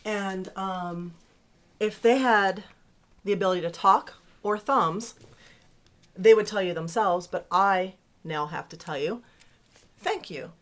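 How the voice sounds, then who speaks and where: A woman's voice: mid-range voice, slow pace, long pauses, a bit bright. A woman in her thirties hosting a casual video newsletter for her fans, chatty and playful with teasing asides.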